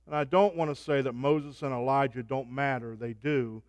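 A man preaching a sermon, swinging from soft, low asides to loud, rising proclamations. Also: fairly even intonation, normal speed, dry recording.

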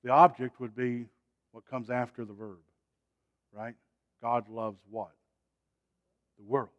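A man preaching a sermon, swinging from loud, emphatic calls to quiet, drawn-out phrases and asking the congregation to respond. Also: mid-range voice, fairly even intonation, highs cut off.

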